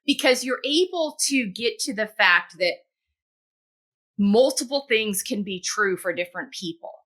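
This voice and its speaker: Bright-voiced woman podcast host. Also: mid-range voice, lively intonation, a little slow. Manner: warmly affirming, frequent "yeah". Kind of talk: conversational interview.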